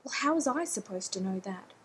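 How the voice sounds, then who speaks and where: A woman's voice: medium pitch, lively intonation, a bit bright, slight background noise, natural voice, low-quality recording. A woman voicing a fretful, snappish man. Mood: anxious. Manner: nervous, quick to snap. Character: anxious fussy man, rambling and sharp.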